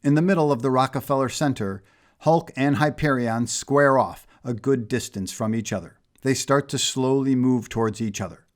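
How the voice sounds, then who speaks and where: A man narrating a superhero fan story in an even, storybook manner. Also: medium pitch, normal speed.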